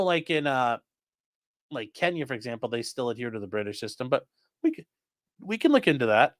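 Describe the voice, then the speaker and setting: A man hosting a live stream, chatting casually and answering viewers' questions as they come in. He rambles, restarts his sentences and lets his voice drop off between answers. The sound is dry and close, with a middling pitch. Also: very animated, a little fast, pauses often, dry recording. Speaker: livestream host reading chat.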